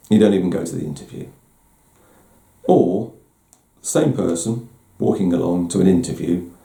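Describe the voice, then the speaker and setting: A man's voice: low-pitched, vocal fry, warm tone. A middle-aged man giving a candid, self-deprecating personal talk as host, often restarting his words. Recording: roomy echo.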